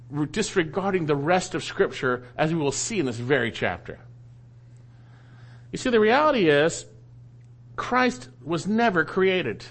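A man preaching a sermon that teaches through a Bible passage, emphatic and repeating key phrases for stress. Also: fairly high pitch.

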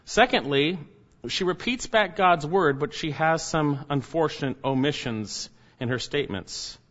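A man's voice: a little high, expressive, measured pace, a bit bright. A male pastor preaching an expository sermon, stressing key words with sudden rises. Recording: dull lo-fi recording.

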